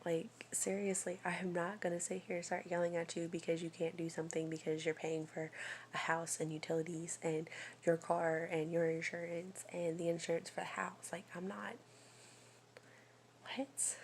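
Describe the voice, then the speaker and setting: Young woman whispering a personal vlog, low gravelly voice, flat delivery, lots of um and like. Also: normal speed, slight background noise. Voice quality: soft, often whispering. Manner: rambling, confiding, many fillers. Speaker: vlogger.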